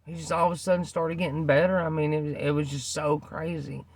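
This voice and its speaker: A man's voice: a little high, flat delivery, brisk, dry recording. A man earnestly tells a rambling personal story to the camera, repeating himself and using many fillers. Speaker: vlogger telling a personal story.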